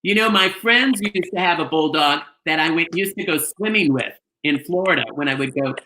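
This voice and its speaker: Chatty gushy bingo host calling numbers from a trailer, sharp bright voice, roomy echo. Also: mid-range voice, moderate pace. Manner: chatty, gushing, rambling with many fillers. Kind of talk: live-streamed bingo calling and chat. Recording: echoey room, faint noise.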